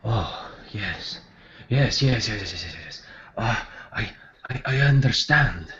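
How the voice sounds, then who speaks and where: A man voicing a dazed adventurer in a trance, stammering and repeating himself in a higher voice. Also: animated, takes it slowly, a bit bright, highs cut off. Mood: entranced. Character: dazed entranced man babbling at a riddle.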